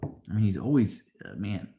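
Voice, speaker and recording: A man's voice: fairly low pitch, big pitch swings, moderate pace, creaky, mellow, lo-fi sound. A man casually recapping a show episode, rambling along and acting out quotes from the characters. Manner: rambling, loose retelling with acted-out quotes. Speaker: show reviewer.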